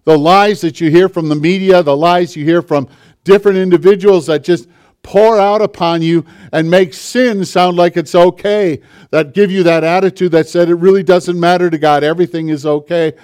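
A male pastor preaching a sermon with passion, swinging from forceful declarations to hushed, intimate asides. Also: high voice, steady tone, moderate pace, clear, resonant tone.

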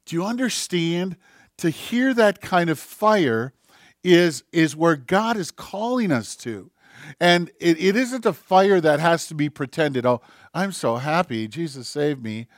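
A male pastor delivering a sermon with fervent conviction, his voice sitting a touch higher than most men's. He swings between pressed, emphatic phrases and hushed, almost whispered lines. The sound is close and dry, with no room around it. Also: expressive, slow, no echo. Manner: impassioned, swings from loud emphasis to near-whispers.

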